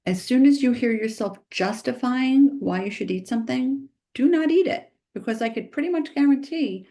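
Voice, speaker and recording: An emphatic woman nutritionist talking in a podcast interview. She speaks quickly and with conviction, and she punctuates her points with "right?" as she goes. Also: on the high side, animated, dark tone. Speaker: nutritionist guest.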